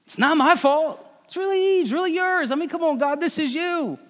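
A man's voice: extremely high pitch, normal speed, a bit bright, pitched above the performer's own voice. A man voicing Adam, a defensive man who blames his wife and God. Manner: protesting, whining. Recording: long hall reverb.

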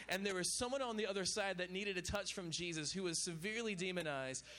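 Over slight background noise, a man with a fairly high, a bit bright voice delivers an informal sermon to young adults. The pastor is chatty and easygoing, repeatedly using fillers such as "you know what I'm saying."

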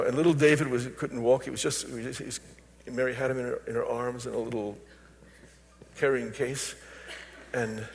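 An older man, a pastor, preaching a sermon and telling personal stories to his congregation. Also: medium pitch. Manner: storytelling, personal anecdotes. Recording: long reverb of a large hall.

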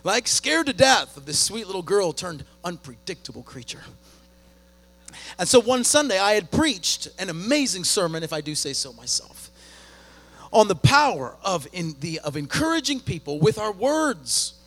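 Animated gravelly-voiced male pastor. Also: sits high, normal speed. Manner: animated storytelling with big swings in loudness. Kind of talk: sermon.

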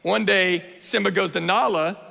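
A man, preaching a playful, energetic sermon that rises to shouts. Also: sits high, normal speed, creaky. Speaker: guest preacher. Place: church sanctuary. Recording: long hall reverb.

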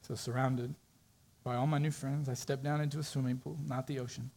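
A man preaching a sermon in a dark, mellow voice with a husky edge. He tells a story in a conversational way, slipping into the voices of its characters as he goes. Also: mid-range voice, little pitch movement, a little fast.

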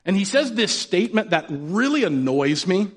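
A man preaching a sermon in a relaxed, conversational way, joking and putting questions to his listeners. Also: sits high, normal speed, breathy edge. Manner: casual and joking, asks the audience questions. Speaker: pastor.

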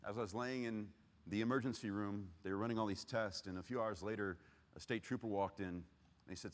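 A man with a fairly low voice tells his personal testimony in a large hall, and his words ring out with a long reverb. He swings between loud urgency and hushed, heavy pauses. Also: steady tone. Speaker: speaker giving testimony.

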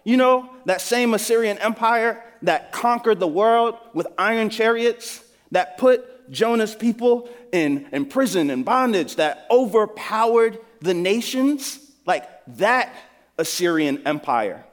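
Male pastor, high voice, earnest conversational sermon, big reverberant hall. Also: expressive, unhurried.

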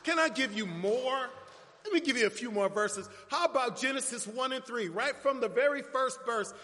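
High-pitched preacher in an echoing church. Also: male voice, normal speed. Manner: emphatic, rhetorical questions, rising to near shouts. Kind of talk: sermon. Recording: long church reverb.

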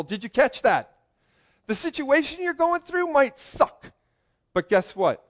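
A man preaching a lively sermon, joking with his congregation and asking them questions. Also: very high-pitched, a little slow. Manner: joking, asks the crowd questions, swings from loud calls to quiet asides.

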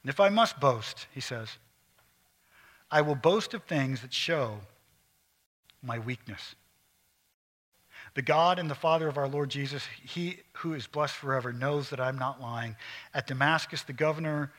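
Bright-voiced male pastor preaching. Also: a little high. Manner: earnest preaching, rising to emphatic peaks and dropping to quiet asides. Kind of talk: sermon.

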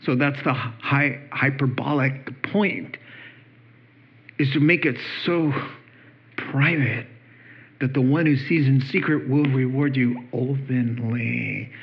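A man's voice: mid-range voice, steady tone, takes it slowly, muffled recording. A man preaching a conversational sermon as pastor, joking and acting out the people in his stories. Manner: conversational, joking, acts out quoted voices.

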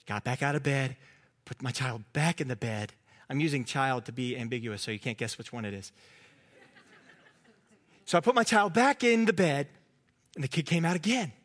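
A man preaching a sermon as pastor, earnest, at times dropping to a soft hush. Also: mid-range voice, animated, moderate pace, pauses often.

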